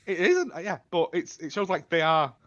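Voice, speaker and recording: A man co-hosting a casual podcast, talking in halting bits with restarts. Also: high-pitched, very animated, fairly bright tone, muffled recording. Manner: halting, restarts, laughs along. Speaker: podcast co-host. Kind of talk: casual chat.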